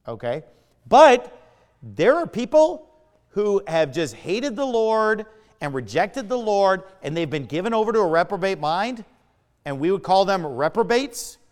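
A male pastor preaching with a high, animated voice that leaps up and down as he stresses words. He drags out key phrases and hammers his points, and a long hall reverb hangs behind each line. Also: measured pace. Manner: emphatic preaching, stretched words and sharp swings of pitch and volume. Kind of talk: sermon.

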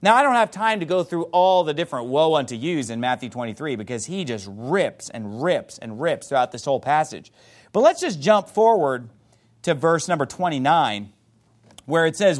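Male pastor, emphatic sermon delivery, high voice with wide swings; reads scripture in old-fashioned wording. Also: lively intonation, moderate pace. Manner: fiery, emphatic preaching.

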